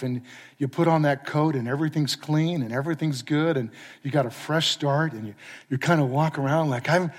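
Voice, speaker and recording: A man preaching a sermon, telling a lively firefighting story that drifts into scripture, acting out his own lines as he goes. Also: a little high. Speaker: pastor and fire chaplain. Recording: long reverb of a large hall.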